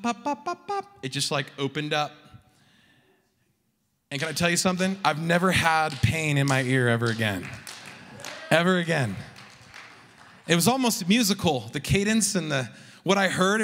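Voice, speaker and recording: A young adult man from Southern California preaching a sermon as a pastor, telling a story with animated, emphatic peaks. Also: fairly high pitch. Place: large church hall. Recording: long hall reverb.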